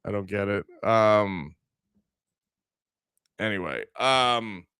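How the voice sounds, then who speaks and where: A man's voice: lowish voice, animated, drawn-out words, pushed and bright, clear, resonant tone, no room sound. A man hosting a livestream podcast, ranting angrily and profanely, rambling with many restarts into a close mic.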